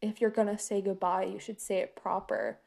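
A woman quoting a smug, pushy young man on a bad date, in a soft, wheedling tone close to her own voice. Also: mid-range voice, fairly even intonation, normal speed, vocal fry, close to an everyday voice.

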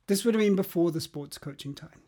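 A man's voice: high voice, a little fast, dark tone. A man talking through how to change habits in an interview, reflective and explanatory, often restarting his sentences. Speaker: guest.

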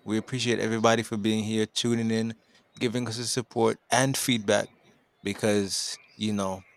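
A man's voice: fairly low pitch, flat delivery, normal speed, gravelly, no echo. A man co-hosting a casual podcast chat, upbeat, easygoing and affirming. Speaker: podcast co-host.

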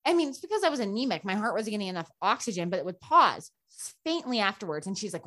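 A woman guest telling a personal story in casual talk, animated and full of "like" fillers, acting out the voices of people she quotes. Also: mid-range voice, quick pace. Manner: chatty, frequent "like" fillers. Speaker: podcast guest.

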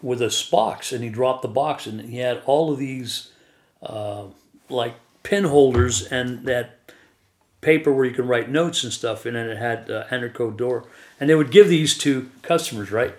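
A man's voice: mid-range voice, moderate pace, a little mellow. Man, guest storyteller, rambling, laughs often, echoey room. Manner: chuckles often while telling stories. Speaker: guest telling his life story.

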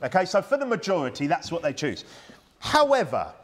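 Emphatic British preacher, lively pitch. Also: male voice, brisk. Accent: British English. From United Kingdom. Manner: emphatic, conversational preaching with rhetorical questions. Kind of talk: sermon.

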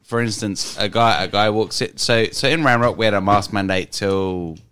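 A man's voice: on the low side, normal speed, a bit bright, smooth. An English man who owns a pub, telling stories in casual chat, swearing freely and laughing as he goes. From England. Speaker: pub owner and guest.

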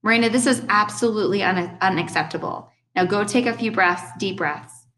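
A woman voicing a harried male drama teacher who snaps out orders in a raised, sharp voice. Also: medium pitch, brisk, slight background noise, lightly acted. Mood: exasperated. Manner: sharp, raised, barking commands.

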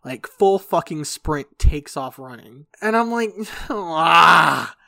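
A man's voice: fairly high pitch, expressive, slow pace, no room sound. A young man telling a long story in casual podcast chat, rambling and swearing, often laughing. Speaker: podcast co-host.

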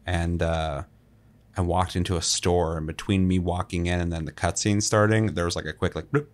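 Man, very low voice, casual podcast talk, filler-heavy, relaxed. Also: normal speed. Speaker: podcast co-host. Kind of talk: casual chat.

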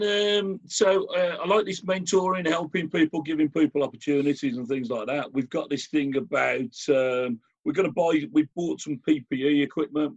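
Gravelly man telling stories. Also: fairly high pitch. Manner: animated storyteller, many restarts. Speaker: guest. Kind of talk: casual conversational anecdote. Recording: dull lo-fi audio.

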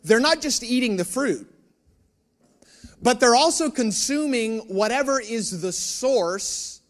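A male pastor preaching, telling a personal story in an animated, self-mocking way with asides to the room. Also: very high voice, takes it slowly.

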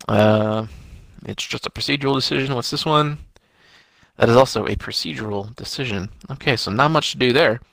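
Laid-back swearing young man, bright and dry. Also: medium pitch, dry recording. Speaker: podcast co-host. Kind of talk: casual chat. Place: at home.

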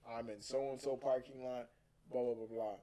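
A man's voice: medium pitch, steady tone, moderate pace, warm tone, rough recording. A young man co-hosting a podcast, telling stories in a laid-back, slangy way and laughing often. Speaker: podcast co-host. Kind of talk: casual podcast chat. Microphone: studio mic.

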